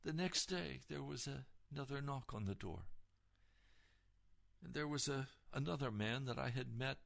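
A man's voice: medium pitch, moderate pace, gravelly, fairly bright tone. A male pastor giving an earnest, emotional testimony on a broadcast sermon.

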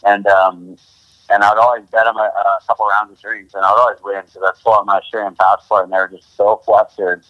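A man's voice: fairly low pitch, flat delivery, brisk, no room sound, dull audio. A man talking as a podcast guest in a loose, rambling way, full of restarts and "you know". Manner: rambling, heavy on fillers and restarts. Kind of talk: casual interview chat.

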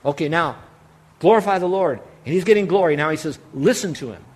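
A middle-aged man preaching a sermon, emphatic, swinging between loud declarations and hushed asides. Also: on the high side, fast talker. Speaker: pastor.

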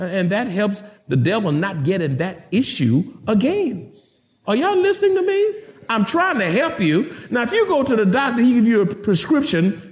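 A middle-aged man preaching a sermon as pastor, talking straight to his congregation in an animated, joking, conversational way. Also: high-pitched.

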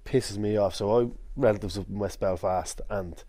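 A man with a Dublin accent, hosting a podcast with laughing, lively banter. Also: fairly low pitch, normal speed, no echo. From Ireland. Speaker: podcast host. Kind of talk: casual podcast chat. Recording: dry close studio sound.

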